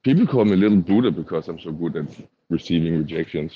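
A man's voice: low-pitched, animated, fast talker, a little hiss or hum. A man on a casual podcast, laid-back and self-mocking, with slightly grammar. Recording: dull lo-fi podcast audio.

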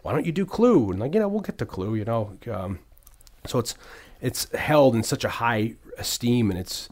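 A man's voice: mid-range voice, sing-song, normal speed. A middle-aged man hosting a podcast, chatting casually about movies, rambling with many restarts and fillers. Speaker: podcast host.

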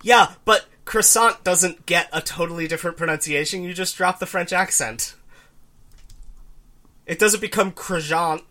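A man's voice: high voice, normal speed, bright, forceful tone. A man co-hosting a podcast in casual chat, arguing his point insistently. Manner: insistent, argumentative. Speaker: podcast co-host.

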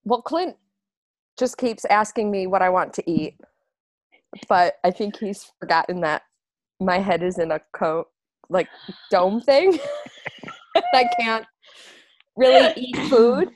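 A woman plays a shy woman whose head sits in a glass dome, speaking hesitantly with frequent ums. She talks slowly in a dry, close sound. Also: mid-range voice, animated, no echo. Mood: amused. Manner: hesitant, many ums, giggly.

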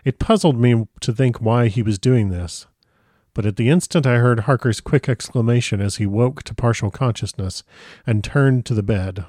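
A man reading a novel aloud in an unhurried, dramatic manner. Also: medium pitch, a little mellow, no echo, studio quality. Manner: unhurried dramatic reading, stumbles and comments aside. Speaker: audiobook reader.

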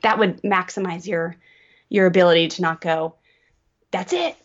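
A woman parenting coach, a podcast guest, explaining advice in a casual, animated way and acting out what a parent might say. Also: fairly low pitch, moderate pace, lo-fi sound. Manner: animated, acts out lines to children.

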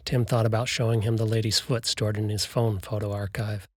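A man narrating a story in a steady, even storytelling voice. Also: fairly low pitch, brisk, slightly rough, dry recording, studio quality. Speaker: audiobook narrator. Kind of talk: scripted narration.

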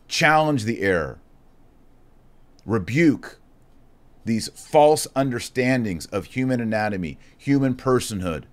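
A middle-aged man, a Catholic speaker, giving an impassioned talk that mixes urging with storytelling. He is earnest and emphatic, swinging from loud calls to action to hushed reflection. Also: medium pitch.

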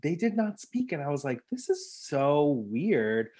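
A woman co-hosting a podcast, chatting casually about a TV show in an animated, rambling way full of fillers and restarts. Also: deep voice, a little slow, husky. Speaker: podcast co-host. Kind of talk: casual chat reviewing a TV show.

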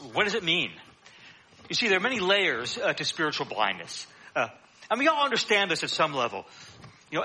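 A man's voice: a little high, pushed and bright, slight background noise. A man preaching a sermon in a conversational teaching manner, with frequent "uh" fillers.

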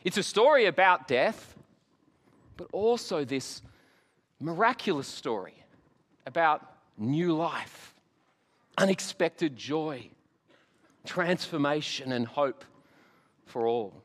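A man's voice: on the high side, lively intonation, slow, long pauses, fairly bright tone. An Australian man preaching an Easter sermon in a church, telling stories with jokey asides and lots of animation. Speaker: pastor. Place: church hall. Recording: long hall reverb.

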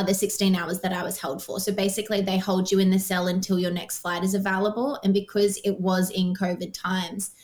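Give me a young Australian woman recounting a story in an animated, casual chat. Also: mid-range voice. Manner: animated, frequent "like" fillers.

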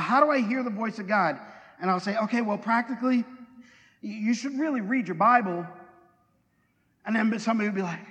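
High-voiced joking pastor in a reverberant hall. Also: male voice, a bit bright. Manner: conversational, joking, asks the congregation questions. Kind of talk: sermon. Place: church hall.

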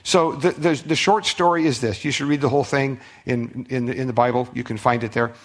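A middle-aged male pastor preaching a sermon, telling a story with conversational restarts, swinging from loud outbursts to hushed asides. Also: medium pitch, fairly even intonation, brisk. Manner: conversational, repeats words and restarts.

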